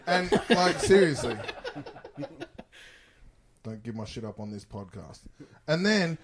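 A man's voice: on the high side, measured pace, pauses often. A man in casual podcast chat, retelling movie scenes with lots of swearing and sound effects. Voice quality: swears a lot, animated retelling. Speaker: podcast co-host.

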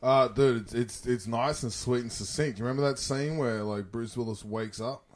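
Swearing, animated man on a podcast. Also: medium pitch, normal speed. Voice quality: swears a lot, animated retelling. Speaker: podcast co-host. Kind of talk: casual chat.

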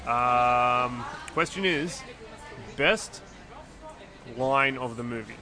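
A man's voice: medium pitch, sharp tone. A man acting as host of a casual movie quiz, ruling on answers and keeping score. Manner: judging and scoring, brisk. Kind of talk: casual podcast game.

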